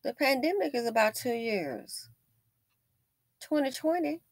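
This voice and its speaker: Animated, opinionated woman commentator. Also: sits high, unhurried, no echo, clean studio sound. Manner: opinionated, animated storytelling with wry asides. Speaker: commentary channel host.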